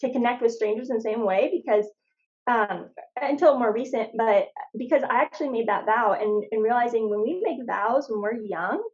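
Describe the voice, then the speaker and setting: Chatty woman with a higher voice. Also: moderate pace, muffled recording. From Phoenix, Arizona, USA. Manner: chatty storyteller, lots of "like". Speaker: interview guest. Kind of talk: casual faith-centered conversation.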